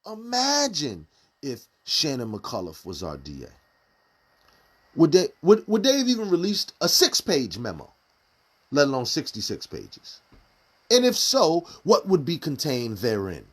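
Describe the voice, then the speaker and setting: A man's voice: a little high, wildly swooping pitch, a little slow, husky. A man giving casual live-stream commentary, firing off rhetorical questions in street slang. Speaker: community commentator.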